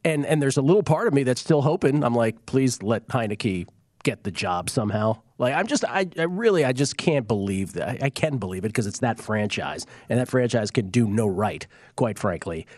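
A man hosting a sports betting talk show, chatting casually in an animated, jokey and emphatic way. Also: medium pitch, fairly quick, few pauses, no room sound, studio quality.

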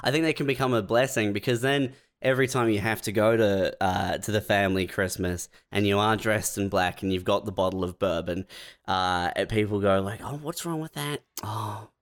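A man co-hosting a podcast, telling dark jokes and acting out little scenes in casual banter. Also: fairly low pitch, moderate pace. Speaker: podcast co-host.

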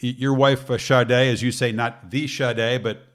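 A man's voice: medium pitch, unhurried. A middle-aged man, a sports broadcaster, chatting casually and telling a funny story with laughter. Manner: animated, laughs while telling stories.

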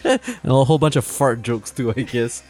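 A man's voice: mid-range voice, normal speed, a little mellow, faint music behind. A man co-hosting a podcast in casual chat, rambling, swearing and laughing often. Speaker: podcast co-host.

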